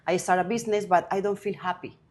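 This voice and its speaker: Colombian woman in halting English. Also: on the low side, steady tone. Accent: Colombian Spanish. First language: Spanish. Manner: halting non-native English with many restarts and fillers. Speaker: guest, holistic wellness coach. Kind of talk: interview.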